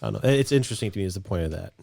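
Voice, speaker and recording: A man's voice: fairly low pitch, expressive, racing, vocal fry, mellow, no echo, clean studio sound. A man co-hosting a podcast in casual chat, hesitant and self-deprecating, thinking aloud as he goes. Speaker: podcast co-host.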